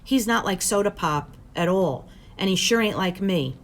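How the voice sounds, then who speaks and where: A woman's voice: mid-range voice, lively intonation, normal speed, natural voice. A woman reading aloud, voicing a hurt, bitter teenage boy with a raised, heated delivery.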